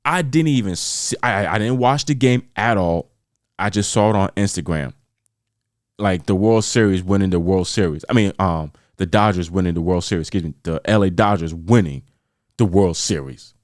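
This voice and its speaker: A man from New York hosting a podcast, venting about sports in a rambling, animated way with many repeats. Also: low voice, moderate pace, no room sound, studio quality. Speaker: podcast host. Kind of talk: casual solo podcast chat.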